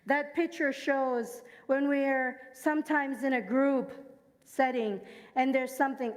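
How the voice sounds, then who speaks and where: A Jamaican woman with a high voice delivers a sermon full of personal stories. She keeps asking the congregation to join in and repeat her words. Her voice carries with a long reverb through an echoey church hall. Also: unhurried. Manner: engages the congregation, asks them to repeat lines; personal storytelling. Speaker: speaker at a church service.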